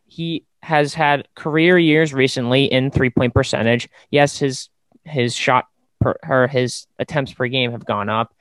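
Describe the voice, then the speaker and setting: A man's voice: medium pitch, steady tone, unhurried, fairly bright tone, no room sound. A man hosting a casual sports podcast, rambling and opinionated, with lots of fillers. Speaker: podcast host.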